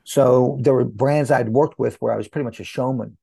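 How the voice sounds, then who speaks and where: An older man, a hair educator, guest on an interview, telling his story with animated storytelling and acted-out dialogue. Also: medium pitch, brisk, vocal fry, slightly rough, dry recording. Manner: animated storyteller who acts out quoted dialogue.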